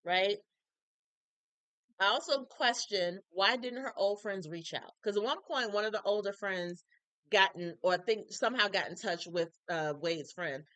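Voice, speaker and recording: A woman gives her blunt, animated take on a true-crime documentary. She speaks at a middle pitch and often slips into short acted-out quotes. The sound is close and dry. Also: unhurried, dry recording. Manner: frank and animated, acts out quoted people. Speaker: recap video host. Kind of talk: casual opinionated commentary.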